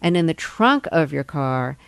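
A woman interviewing an actor, asking measured, precise questions. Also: sits low, very animated, vocal fry, no echo.

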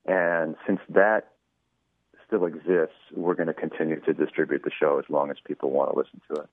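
A man's voice: a bass voice, level tone, brisk, husky, dry recording. A man, producer of a radio show, telling an anecdote as an interview guest in a chatty style, acting out quoted dialogue with many "you know"s over a phone line.

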